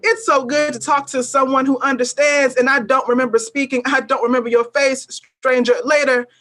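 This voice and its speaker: A woman's voice: high-pitched, little pitch movement, a bit bright, soft background music. Woman reading spoken-word poetry. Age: adult working as a teacher. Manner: measured, weighty delivery with pointed repetition. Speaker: poet at an open mic.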